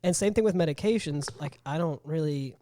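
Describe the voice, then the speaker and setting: A man's voice: on the high side, fairly quick, dark tone. A young man in his twenties, co-hosting a podcast, telling a rambling story with a sore jaw after dental surgery. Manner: rambling storyteller, acts out quotes. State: sore jaw after wisdom teeth removal. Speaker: podcast co-host. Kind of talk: casual chat.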